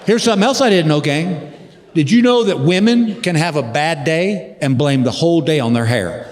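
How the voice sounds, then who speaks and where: A middle-aged man telling a stand-up routine, a drawling storyteller who mimics his wife in a higher voice. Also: animated, moderate pace, background noise. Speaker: stand-up comedian. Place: large theater stage. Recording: long hall reverb with loud crowd. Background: audience laughter.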